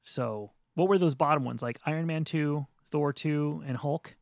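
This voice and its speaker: A man co-hosting a casual podcast chat, joking and animated, his voice jumping up when excited. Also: fairly high pitch, normal speed, creaky, no room sound, clean studio sound. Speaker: podcast co-host.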